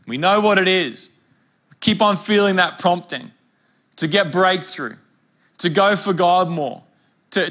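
A man's voice: high-pitched, pushed and bright. A young adult man with an Australian accent, preaching a conversational, humorous sermon at a men's conference. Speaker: pastor.

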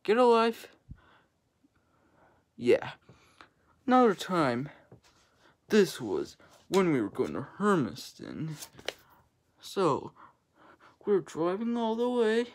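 A woman's voice: lowish voice, wildly swooping pitch, slow pace, long pauses. A young woman venting in a vlog, annoyed and ranting, with frequent swearing. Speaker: vlogger.

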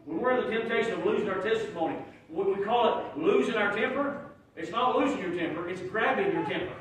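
A male pastor, preaching a folksy sermon that swells into shouted emphasis. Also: high-pitched, quick pace, a little hiss or hum. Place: church sanctuary. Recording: very echoey room, from far off.

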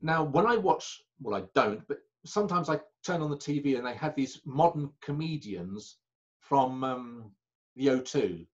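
A man telling anecdotes as an interview guest. He talks in a halting way and corrects himself often, over a video call. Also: medium pitch, animated, lo-fi sound. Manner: chatty raconteur, halting and self-correcting. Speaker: magician guest.

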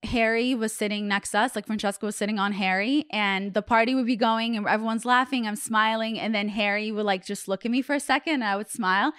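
A woman's voice: medium pitch, steady tone, fast talker, few pauses, a bit bright, smooth, no room sound, studio quality. A young woman hosting a podcast, telling a long rambling story in casual chat, full of "like" fillers. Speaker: podcast host.

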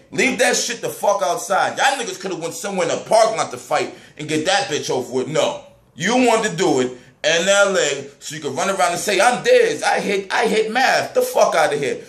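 A man's voice: high voice, a bit bright, echoey room. A man ranting angrily and profanely about battle rap events in a heated vlog.

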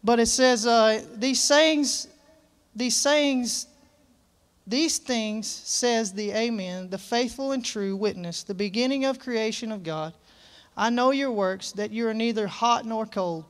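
A man's voice: high voice, a little slow, clean tone. A man preaching a sermon in a church service, folksy and earnest, reading scripture aloud with emphasis.

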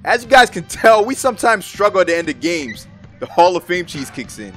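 A young man giving excited, trash-talking commentary over his own basketball video game play. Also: high-pitched, fairly quick. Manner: hyped, exclaiming, trash-talking. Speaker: gaming YouTuber. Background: background music.

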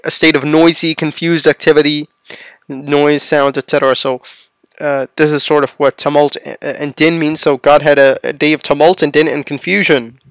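Man, lecturer reading and explaining a text, smooth resonant voice, fairly high, dry close sound. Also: little pitch movement, normal speed, dry recording. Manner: reads passages aloud, then adds plain explanatory asides; checks in with the listener using "right?" and "okay?". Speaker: religious lecturer.

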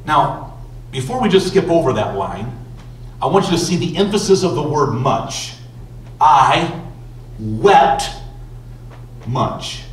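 A male pastor preaching a sermon slowly and emphatically, with dramatic pauses. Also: a little high, sing-song, a little hiss or hum. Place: church sanctuary. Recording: roomy church echo from far off.

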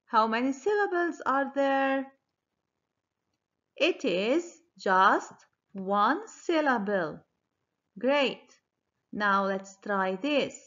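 Slow, high-voiced woman teaching phonics. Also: pushed and bright, muffled recording. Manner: slow, clear, encouraging classroom delivery. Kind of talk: children's phonics lesson.

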